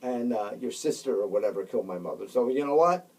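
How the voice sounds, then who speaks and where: A vengeful dragon speaking bluntly and crudely, done by a man. The voice is slightly husky and picked up from a little distance. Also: mid-range voice, expressive, fast talker, darkish tone. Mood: resentful. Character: vengeful furious dragon, grudge-holding.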